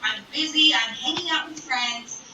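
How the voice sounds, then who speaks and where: A woman's voice: sits high, moderate pace, over music, close to an everyday voice. A woman doing her timid, hesitant friend. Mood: pleading. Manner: hesitant, pleading. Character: timid, soft-spoken young woman friend. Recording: echoey room, far from mic, background noise.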